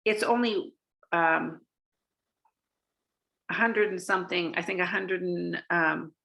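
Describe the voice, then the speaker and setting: A woman's voice: on the low side, steady tone, slow, gravelly, bright, forceful tone. A woman from Canada giving a casual sales training talk, chatty, with many fillers and restarts.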